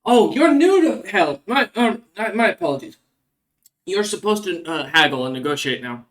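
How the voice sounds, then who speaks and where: A man voicing a lecherous male shopkeeper in hell who loves to haggle, with a sly, breathy drawl. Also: high voice, big pitch swings, moderate pace, fairly bright tone, echoey room, recorded from a distance, pitched above the performer's own voice. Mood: smug.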